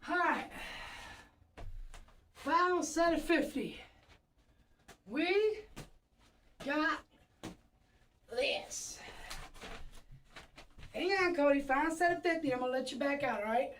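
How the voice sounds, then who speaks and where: A woman's voice: high-pitched, lively intonation, slow pace, long pauses, fairly bright tone, far from the mic, a little hiss or hum. A woman livestreaming from home on a phone camera, counting out her workout reps and cooing to her dogs. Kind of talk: casual livestream chat.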